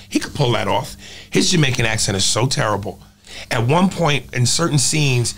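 A man's voice: fairly high pitch, vocal fry. A middle-aged man, a comedian and impressionist, telling stories in a casual interview and slipping into voices. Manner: animated storyteller who drops into voices.

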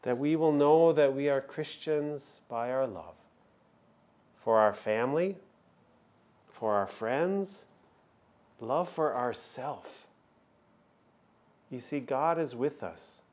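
A man, preaching a sermon as chaplain, earnest and emphatic with dramatic pauses. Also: medium pitch, lively intonation, darkish tone.

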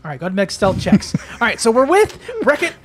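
A man narrating as game master, rambling with many fillers and quick laughs. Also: high voice, sing-song.

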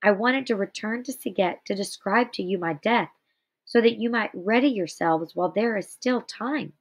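A woman's voice: medium pitch, moderate pace, close to an everyday voice. A woman reading aloud the lines of a desperate, grieving man who pleads to be believed. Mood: despairing. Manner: pleading, despairing. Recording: slightly dull lo-fi recording.

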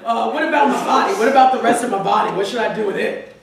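A high-voiced woman performing loud, animated stand-up comedy and laughing often. She sounds a bit far from the mic in a very echoey club, with a live audience laughing behind her. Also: fast, creaky, crowd noise.

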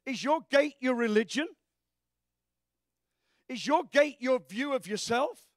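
A man preaching a sermon as pastor, fervent and breaking into shouts. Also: very high voice, animated, slow pace, dry recording, studio quality.

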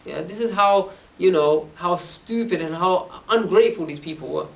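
This religious speaker, a man with a high voice and some vocal fry, talks informally to youth at a moderate pace. His storytelling is loose and conversational, punctuated by "yeah?" after almost every phrase. The mic is distant.

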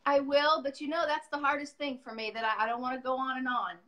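A middle-aged woman with a high, bright voice chats loudly on a livestream over her phone. She rambles, jokes at her own expense and struggles to stay on point. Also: flat delivery, fast talker. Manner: talkative, loud, self-deprecating, rambling. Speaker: guest furniture painter. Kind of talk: casual livestream chat. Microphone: phone on a video call.

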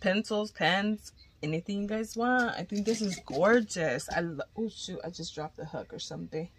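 A woman's voice: medium pitch, moderate pace, a little hiss or hum. A woman vlogger chatting casually and gushing as she unboxes crochet gifts, cursing now and then.

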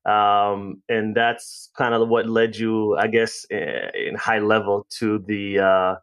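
A male podcast host with an American accent chats in a rambling, casual way loaded with fillers. His voice is on the low side, level in tone, slow, and a bit bright.

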